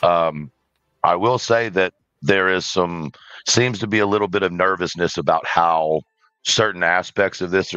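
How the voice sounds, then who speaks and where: A man speaking as a panel guest on a livestream, in a measured, cautious way with frequent ums. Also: low-pitched, a bit bright, smooth, no room sound. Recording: dull lo-fi dry call audio.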